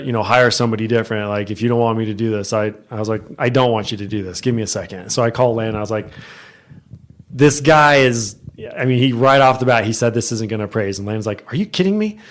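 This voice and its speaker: A man's voice: medium pitch, fairly quick. Chatty man telling a work story. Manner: animated, acts out quoted people. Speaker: real estate agent, podcast co-host. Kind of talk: casual storytelling. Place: podcast studio.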